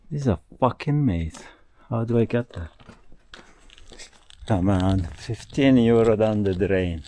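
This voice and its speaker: A cycling vlogger with an Italian accent films himself outdoors at some ruins while touring, grumbling and swearing casually to the camera because he's hot and tired. His voice sits on the low side with a warm tone, and there's a little hiss or hum in the recording.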